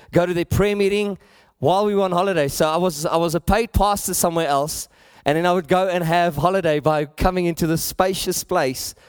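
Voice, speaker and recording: A man's voice: sits high, clear, resonant tone, no room sound, studio quality. A middle-aged man with a South African accent, preaching a sermon with rising emphasis and repeated phrases. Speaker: pastor.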